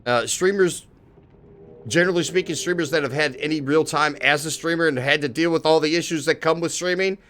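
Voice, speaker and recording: A man chatting casually on a live stream, excitable and swearing, shouting out viewers in chat. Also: on the high side, a little fast. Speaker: livestreamer.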